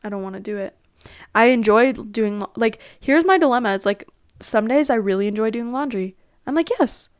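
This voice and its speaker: A woman's voice: a little high, animated, fairly quick, clean tone, dry recording, clean studio sound. A young woman rambling in a casual, self-deprecating solo chat at home. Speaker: podcast host.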